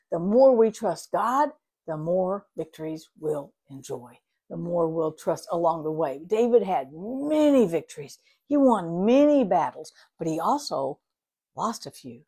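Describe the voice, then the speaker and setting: A middle-aged woman hosting a morning devotional, speaking earnestly and expressively, sometimes dropping to a soft whisper. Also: lowish voice, breathy edge. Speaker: devotional host.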